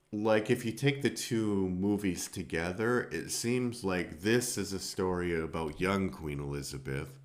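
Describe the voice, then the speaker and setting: A man hosting a film review podcast, talking casually and rambling, with many fillers and restarts. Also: low voice.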